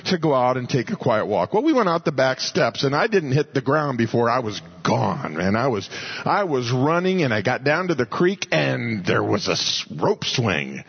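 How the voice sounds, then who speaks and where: A man's voice: mid-range voice, sing-song, moderate pace, vocal fry, slightly rough, lo-fi sound. A man pastor giving a sermon in a folksy, conversational storytelling way.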